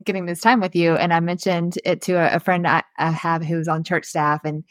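A young adult woman hosts the conversation in an eager, chatty way, full of fillers and quick laughs. Her voice sits a little low for a woman, and the recording is close and dry. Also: flat delivery, no echo. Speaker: podcast host. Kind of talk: casual chat interview.

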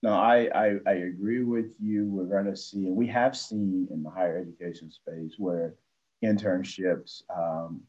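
A man from a community college on a podcast panel, speaking in a measured, explanatory way with occasional fillers. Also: low-pitched, fairly even intonation, darkish tone, lo-fi sound. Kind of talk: podcast discussion.

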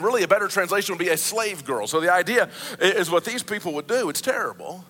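A high-pitched man preaching a sermon with a bright, forceful tone. He is earnest and keeps restarting his sentences and repeating words. His voice rings out with a long hall reverb behind it. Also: fairly quick. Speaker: pastor.

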